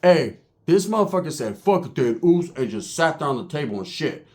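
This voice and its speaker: Animated, profane male storyteller. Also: on the high side, brisk. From California. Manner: animated, crude, acts out other people's voices. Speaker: former prisoner telling a story.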